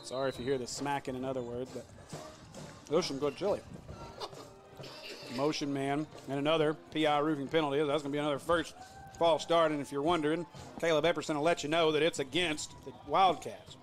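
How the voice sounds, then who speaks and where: A man doing play-by-play for a high school football game, joking with his partner and shouting on big plays. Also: fairly even intonation, quick pace, faint music behind. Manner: jokey, laughs often, shouts big plays. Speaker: play-by-play announcer.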